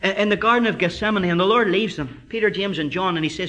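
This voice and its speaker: Male preacher, high voice, bright and forceful tone, emphatic sermon delivery, stretches out scripture quotes. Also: fast talker. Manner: emphatic, builds to fervent climaxes; drops to a quiet conversational aside.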